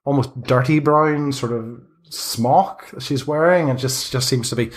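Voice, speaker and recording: A man narrating a tabletop game as game master, describing the scene in a halting way with many pauses and restarts. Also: mid-range voice.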